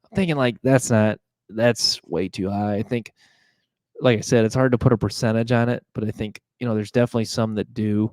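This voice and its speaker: Low flat-voiced young man rambling. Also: a little fast, dry recording. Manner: rambling, full of fillers and restarts. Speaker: podcast host. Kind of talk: casual monologue.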